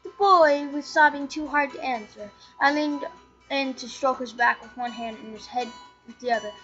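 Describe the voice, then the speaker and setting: A woman's voice: high-pitched, normal speed, fairly bright tone, lo-fi sound, faint music behind. A woman reading a story game aloud as narrator, chatty and often tripping over words and correcting herself. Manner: chatty, stumbles and self-corrects while reading. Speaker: channel host reading a game. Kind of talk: reading a visual novel aloud.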